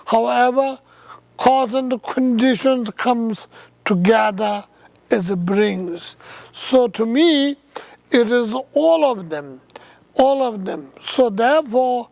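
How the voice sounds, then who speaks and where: Slow gravelly man giving a dharma talk. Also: very high-pitched, expressive, a little mellow, no room sound. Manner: slow, halting, thoughtful with many pauses; non-native English phrasing. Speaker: Buddhist teacher.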